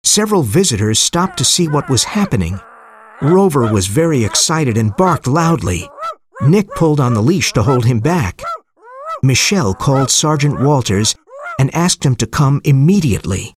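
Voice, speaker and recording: A man reading an audiobook story aloud in a clear, steady storytelling manner. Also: medium pitch, moderate pace. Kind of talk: audiobook narration.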